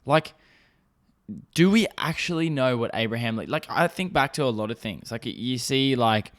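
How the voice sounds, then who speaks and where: A man's voice: medium pitch, expressive, moderate pace. A young man hosting a casual solo podcast, rambling and swearing with lots of fillers, coming down with a sore throat. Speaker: podcast host.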